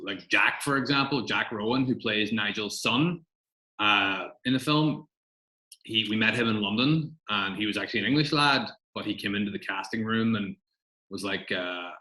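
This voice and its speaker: A man's voice: lowish voice, moderate pace, bright, forceful tone, reverberant, low-quality recording. A man, a film director answering interview questions in a chatty, rambling way with many fillers.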